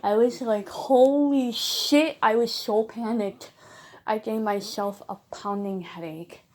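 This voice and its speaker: A young woman talks straight to camera in a loose, rambling vlog story, piling on fillers and emphatic asides. Her voice sits at an everyday middle pitch. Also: a little slow, darkish tone. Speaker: bird owner vlogger.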